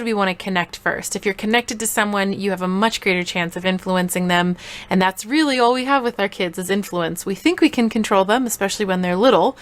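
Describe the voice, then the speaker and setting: A woman parenting coach giving a short tips video in an energetic, playful way, acting out little examples. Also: medium pitch.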